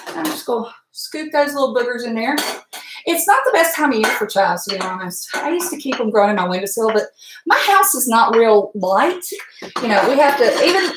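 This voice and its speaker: A woman's voice: a little high, lively intonation, fairly quick, echoey room, noisy background. A woman hosting a live cooking stream, chatty and folksy, greeting viewers and laughing often. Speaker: cooking livestream host. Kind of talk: casual live cooking demo. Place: home kitchen.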